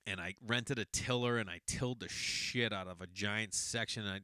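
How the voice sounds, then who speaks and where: A man in his forties with a lowish, bright, crisp voice tells a meandering story, often correcting himself mid-sentence. The sound is close and dry, with no room around it. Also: normal speed, no echo. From Boston area. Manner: rambling, self-correcting, conversational. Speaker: podcast host. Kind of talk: casual storytelling monologue.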